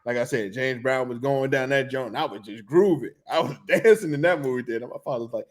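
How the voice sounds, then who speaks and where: A middle-aged man hosting a podcast, telling a loose, animated story in casual slang, with laughs and restarts. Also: mid-range voice, fast talker, few pauses. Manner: animated, humming tunes and acting out reactions. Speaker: podcast host.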